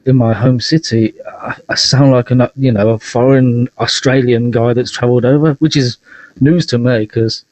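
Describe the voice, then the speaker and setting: A man's voice: medium pitch, fairly even intonation, moderate pace, a little mellow, no echo. A man from Birmingham with a Birmingham accent, a guest chatting casually, chuckling and hesitant. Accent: Birmingham English. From England, Birmingham. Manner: chuckles, hesitant, self-deprecating. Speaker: guest artist. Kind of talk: casual chat. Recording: dry, dull lo-fi sound.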